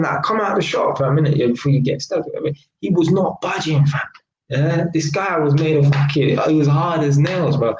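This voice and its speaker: A man's voice: a little high, dull audio. A man hosting a live stream, telling a story in casual street slang full of tag questions. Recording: roomy echo.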